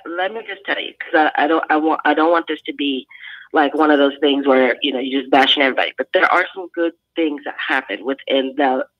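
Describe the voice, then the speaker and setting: Earnest woman veteran on a muffled line. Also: low-pitched. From California. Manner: earnest, many restarts. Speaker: guest veteran. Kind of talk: phone-in talk show interview.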